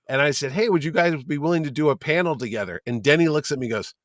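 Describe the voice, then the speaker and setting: A middle-aged man, a convention producer, telling lively anecdotes as a guest and acting out the people he quotes. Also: fairly high pitch, fast, no room sound, studio quality. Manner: lively storyteller who acts out quoted people. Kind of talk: casual podcast chat, anecdotes.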